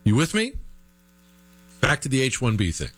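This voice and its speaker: Animated male talk host, big pitch swings. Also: moderate pace. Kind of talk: opinion monologue to listeners.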